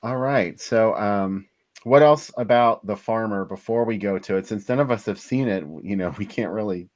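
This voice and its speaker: A man's voice: on the low side, normal speed, darkish tone. A man co-hosting a show, chatting casually and easygoing, laughing often. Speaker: co-host. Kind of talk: casual chat.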